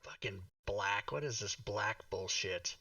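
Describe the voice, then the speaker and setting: Male streamer who mutters and swears, bright voice, dry muffled sound from off the mic. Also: on the low side, slow, gravelly, no room sound, recorded from a distance. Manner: grumbling, swears, mutters to himself. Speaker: streamer and player. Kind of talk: casual chat.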